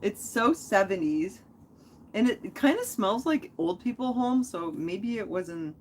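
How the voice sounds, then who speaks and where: A woman's voice: mid-range voice, expressive, unhurried, slight background noise. A woman hosting a casual live stream, talking in a rambling, chatty way that jumps from topic to topic.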